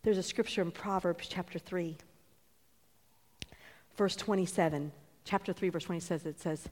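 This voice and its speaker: A woman's voice: lowish voice, steady tone, normal speed, pauses often, big-room sound. Emphatic woman preaching a sermon. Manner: emphatic, building to loud declarations.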